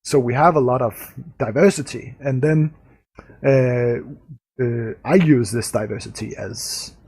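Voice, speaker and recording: Danish man, husky voice, hesitant podcast host. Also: mid-range voice, a little slow, darkish tone. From Denmark. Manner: hesitant, searching for words. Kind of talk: casual interview chat.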